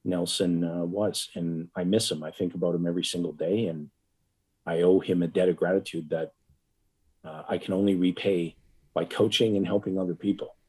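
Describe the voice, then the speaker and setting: Husky low-voiced man, earnest guest. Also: a little mellow. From Canada. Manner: earnest, reflective explaining. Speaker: guest, financial coach. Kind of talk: podcast interview.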